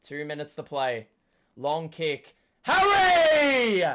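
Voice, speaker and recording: A young man, hoarse from shouting, gives a live fan commentary of a football match, swearing and yelling at the play. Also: a little high, steady tone, unhurried. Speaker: watchalong host.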